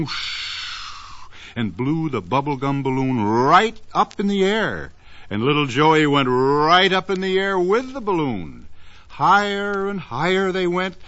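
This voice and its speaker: Fairly bright and on the high side, this man's voice lilts sing-song through a children's story, stretching words for effect. It's captured on a dull, lo-fi old recording.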